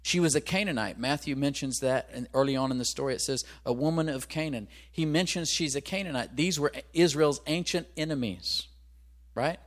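A pastor preaches a conversational sermon, posing rhetorical questions to the congregation and pausing to search aloud for his references. His voice is fairly high and a little fast.

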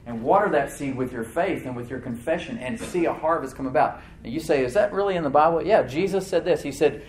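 A pastor preaches to his church in a conversational style, repeating words and restarting, shifting between loud emphatic bursts and low quiet asides. He speaks briskly, and the sound is reverberant.

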